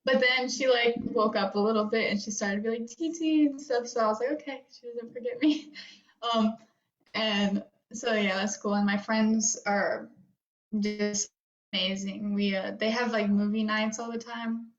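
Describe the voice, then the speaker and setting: A woman's voice: medium pitch, level tone, moderate pace. A young woman talking in a conversation, close to tears, rambling with lots of fillers and nervous laughs. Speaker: guest. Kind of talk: emotional personal conversation. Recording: roomy, dull lo-fi sound.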